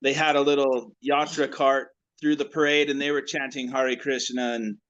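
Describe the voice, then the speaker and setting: Guy, reflective and halting, keeps restarting, muffled lo-fi call audio. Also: mid-range voice, flat delivery, a bit bright. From United States. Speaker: class participant. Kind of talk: personal reflection on a video call. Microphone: video call.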